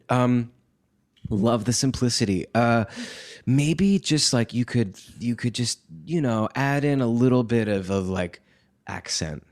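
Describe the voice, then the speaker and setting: A man in his thirties, a guest in a casual interview, telling stories in an animated way, acting out quotes and laughing often. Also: medium pitch, moderate pace. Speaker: guest actor.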